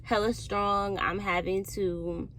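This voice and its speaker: Bright-voiced young woman, candid rant. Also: medium pitch, steady tone, slow, slight background noise. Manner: candid, heavy cursing, swings between quiet and heated. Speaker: podcast host. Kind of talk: casual monologue.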